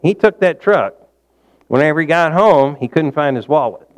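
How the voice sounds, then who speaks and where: A man preaching in a relaxed, folksy way, quizzing his listeners as he goes. His voice sits a little high and sounds smooth and clear. He climbs loud and high to hit a point, then drops low and soft. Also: moderate pace. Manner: folksy, engages the audience with questions; rises loud and high for emphasis, drops low and quiet for asides. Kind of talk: conversational sermon.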